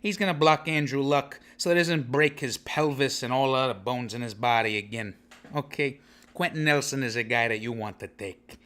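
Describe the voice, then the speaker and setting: A man with a bright, forceful edge to his voice hosts a comedic sports podcast. He talks in brash, rambling wise-guy banter at an ordinary middle pitch, tagging his points with "okay?". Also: moderate pace. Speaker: podcast host.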